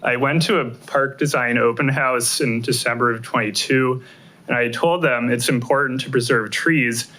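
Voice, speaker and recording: A man giving a measured, reasoned public comment at a city council meeting at a podium microphone. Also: medium pitch, steady tone, bright, forceful tone, rough recording. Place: council chamber.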